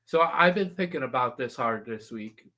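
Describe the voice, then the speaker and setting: A man's voice: medium pitch, lively intonation, normal speed, sharp tone. A man co-hosting a casual podcast, speaking hesitantly as he thinks aloud. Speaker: co-host.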